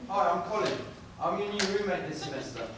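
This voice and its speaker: A man's voice: sits high, expressive, brisk. A man doing a shy young exchange student, hesitant, echoey hall, far mic, hiss. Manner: hesitant, awkward. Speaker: actor in staged reading. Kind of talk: staged play reading.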